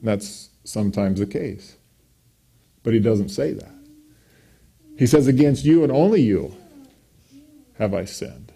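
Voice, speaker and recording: A man's voice: fairly low pitch, animated, slow pace, vocal fry, pauses often, dark tone, slightly rough. A man preaching a sermon in a church, emphatic, with his voice rising on scripture quotes. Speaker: pastor.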